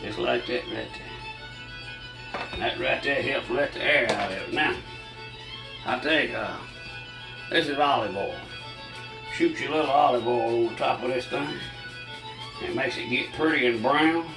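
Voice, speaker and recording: A man's voice: mid-range voice, a little slow, long pauses, reverberant, recorded from a distance, music in the background, poor audio. An older man with a Southern US accent, chatting folksily to viewers as he demonstrates a recipe in his home kitchen, a bit short of breath. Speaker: cooking channel host. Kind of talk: casual home cooking demonstration.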